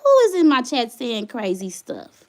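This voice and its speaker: A young woman livestreaming to her chat from her phone, venting indignantly and getting loud as she complains. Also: a little high, wildly swooping pitch, measured pace. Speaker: vlogger, single mother.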